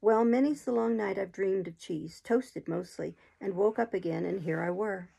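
A woman voicing a wild, marooned old male sailor in an audiobook reading, talking in rough sailor's dialect, eager and sly. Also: mid-range voice, moderate pace, dark tone.

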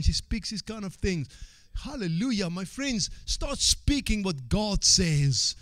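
A man preaching with a high, lifting voice, calling out for amens and repeating his key phrases. He drops to quiet asides, then climbs into shouted exhortation. The sound is dry and close. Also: animated, unhurried, hardly any pauses, no echo. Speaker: pastor. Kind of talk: sermon.

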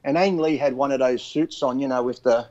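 A man's voice: medium pitch, fairly quick, a little mellow, muffled recording. A man with an Australian accent, co-hosting a casual chat, swearing freely and acting out comic voices in his stories. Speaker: co-host.

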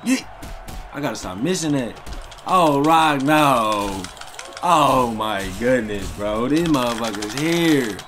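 A young man giving loud, slangy live commentary while playing a fighting game, trash-talking his opponent and swearing often. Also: mid-range voice, takes it slowly, faint music behind. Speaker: gaming streamer.

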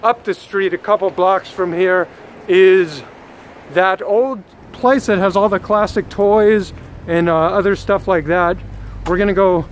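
Brief: high-pitched guy, handheld street vlog, excitable, self-scolding, swears casually. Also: unhurried, a little hiss or hum. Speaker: vlogger. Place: city street outdoors. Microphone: handheld camera at arm's length.

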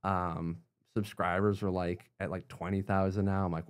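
A young man with a deep voice tells a story in a relaxed podcast chat. He talks animatedly, full of "like" and "um", and jumps up high when he acts out what people said. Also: moderate pace, clean tone. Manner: animated, acts out quotes with jumps in pitch, many fillers. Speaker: guest, YouTuber. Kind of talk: casual storytelling interview.

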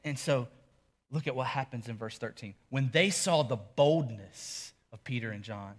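A pastor preaching a sermon, telling the story in a casual, animated way with emphatic repetition. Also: male voice, on the high side.

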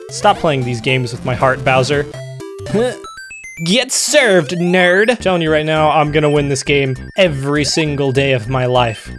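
A young man giving comedic let's-play commentary, joking and breaking into sudden loud outbursts. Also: fairly high pitch. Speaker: gaming YouTuber. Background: game music.

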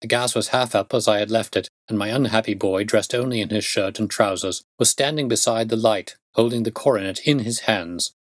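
A man reading a classic detective story aloud in a measured, steady narration. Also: lowish voice, dry recording. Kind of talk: audiobook narration.

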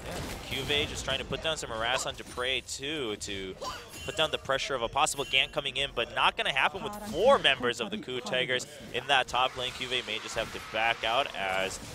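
A man casting a video game match, playing by play and getting much louder and higher when fights break out. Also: brisk. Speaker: esports caster. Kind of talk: play-by-play commentary.

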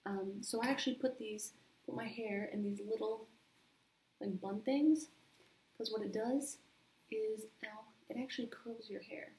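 A woman's voice: on the high side, unhurried, darkish tone. A young woman vlogger chatting casually through a makeup tutorial, rambling and full of "like", recorded on a built-in computer microphone at home. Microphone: built-in computer mic.

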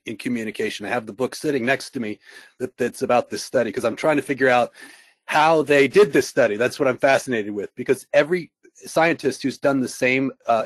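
A man's voice: mid-range voice, no room sound. A man speaking as a panelist in a business webinar, conversational, often asking his listeners rhetorical questions over a video call.

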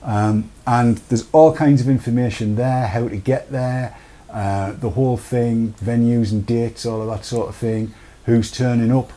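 A man's voice: mid-range voice, fairly even intonation, unhurried, mellow. A middle-aged man from Britain hosting a casual live-stream chat, jokey and rambling, reading viewer comments aloud. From United Kingdom. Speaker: show host.

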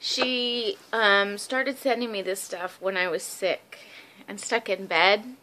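A young woman vlogger unboxing a package in a casual vlog, excitable and gushing with lots of fillers, recorded on a phone at home. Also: medium pitch, slow pace. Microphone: phone camera.

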